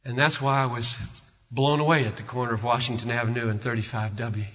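A man preaching a sermon, swinging from hushed tones to shouts with an emphatic, repetitive cadence. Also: mid-range voice, little pitch movement, a little fast. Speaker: pastor. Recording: reverberant hall, dull lo-fi sound.

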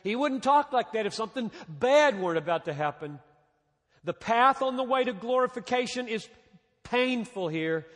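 A man preaching a sermon as a pastor, with dramatic pauses, dropping soft and then rising again. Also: high voice, animated. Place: large church hall. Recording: reverberant hall.

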